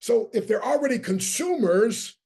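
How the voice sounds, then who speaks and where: A guest motivational speaker addresses an online training session, preaching business success in a high, raised, sermon-like voice with a gravelly fry edge that stays mellow. He's expressive and emphatic at a moderate pace, hammering his points home, spelling key words out letter by letter, and urging listeners to call back to him.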